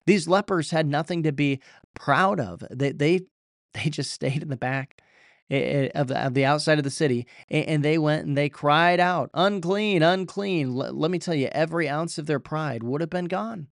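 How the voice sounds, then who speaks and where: A man's voice: fairly high pitch, moderate pace, vocal fry, no room sound, studio quality. A man preaching a sermon, reading scripture and then urging listeners in an earnest, repetitive way with frequent restarts.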